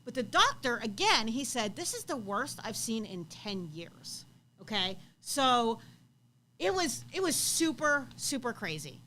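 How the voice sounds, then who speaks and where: A woman's voice: on the high side, big pitch swings, measured pace, pushed and bright, a little hiss or hum, low-quality recording. A woman co-hosting a live show, earnestly telling her side of a story and backing up her co-host. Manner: earnest, adds details and backs up the co-host.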